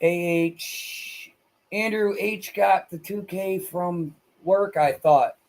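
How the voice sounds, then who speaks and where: A man streaming live, chatting casually with viewers in a blunt, crude and excitable way. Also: high-pitched, takes it slowly, vocal fry. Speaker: livestreamer. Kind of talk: casual livestream chat.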